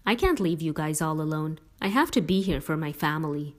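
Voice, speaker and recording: A woman's voice: deep voice, expressive, a little fast. A woman voicing a dramatic, indignant teenage girl in a read-aloud story, speaking with heated emphasis.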